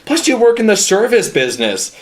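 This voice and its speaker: A man's voice: high voice, huge pitch swings, fairly quick. A young man, a guest on a casual podcast, retelling something with exasperation and laughter.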